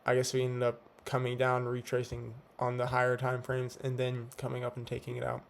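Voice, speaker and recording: Young man with a slight lisp, flat delivery. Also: medium pitch, brisk, vocal fry. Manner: laid-back, slangy, filler-heavy. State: slight lisp from teeth strips. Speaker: day trader. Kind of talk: casual trade recap. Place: home at night.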